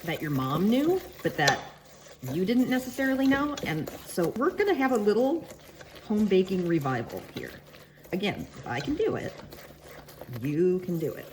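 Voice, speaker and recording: A woman's voice: mid-range voice, a little mellow, a little hiss or hum. A woman giving a casual baking tutorial, chatty and joking with viewers as she works. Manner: chatty and joking, talks to viewers while working. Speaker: baking instructor and shop owner.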